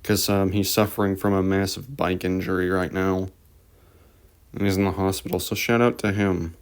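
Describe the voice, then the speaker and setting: A man's voice: sits low, little pitch movement, normal speed. A man hosting a reaction video, talking in a casual, rambling voice-over. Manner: rambling, offhand remarks.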